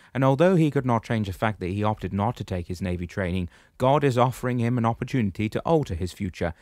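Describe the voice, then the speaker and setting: A man voicing a wise, calm old shepherd who patiently explains things and gently lectures the younger ones. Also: mid-range voice, no echo, studio quality, pitched above the performer's own voice, close to an everyday voice.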